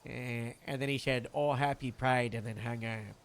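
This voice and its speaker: A man playing a police captain in casual role-play chat, halting and full of fillers and restarts. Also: mid-range voice, steady tone, smooth.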